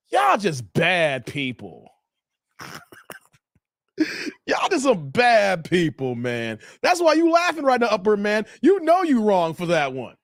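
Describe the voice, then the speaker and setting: Lively man hosting a live stream. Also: high voice, no room sound, studio quality. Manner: laughing, animated banter with chat. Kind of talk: casual live stream chat.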